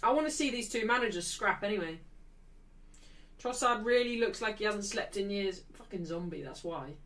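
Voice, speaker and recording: A woman's voice: medium pitch, animated, moderate pace, a bit bright, distant mic, poor audio. Sweary, ranting woman streamer. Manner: heavy swearing, ranting, addresses chat. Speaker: streamer hosting a football watchalong. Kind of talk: casual live-stream chat.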